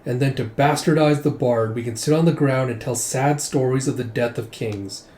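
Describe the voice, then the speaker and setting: A man's voice: medium pitch, normal speed, a little mellow, lightly acted. A man voicing an aging male scientist who speaks in a formal, wry and theatrical way. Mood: measured. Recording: roomy echo.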